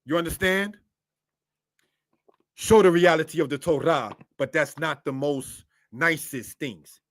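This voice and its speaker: With a somewhat high, slightly bright voice and a measured pace, this Torah teacher leads a scripture lesson like a preacher. Addressing "brothers and sisters," he unpacks the Hebrew one word at a time and keeps asking rhetorical questions, captured close-up with no echo.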